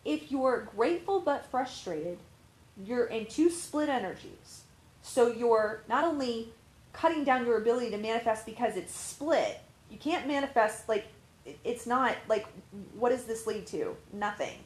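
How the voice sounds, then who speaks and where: A woman's voice: a little high, expressive, measured pace, darkish tone, echoey room, rough recording. A woman life coach giving casual, candid advice, rambling and swearing freely with lots of fillers. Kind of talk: casual talking-to-camera advice.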